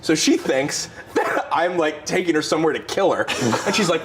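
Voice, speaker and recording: On a podcast, a man tells a wild anecdote in casual conversation, animated and laughing his way through it. His voice is a little high and fairly quick, with few pauses, against a noisy background.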